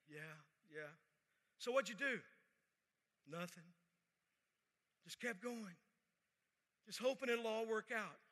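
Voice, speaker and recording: A man preaching a sermon to a church service in a conversational way. He repeats phrases and drops to a hush for emphasis. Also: very high-pitched, in a large hall. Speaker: pastor.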